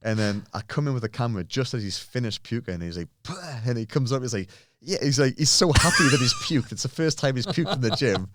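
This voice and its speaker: A man in his thirties telling a lively gym story in casual chat, swearing freely and acting out what people said. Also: medium pitch, fast, few pauses, heavy background noise. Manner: animated, swears often, acts out quotes. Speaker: podcast guest, bodybuilder.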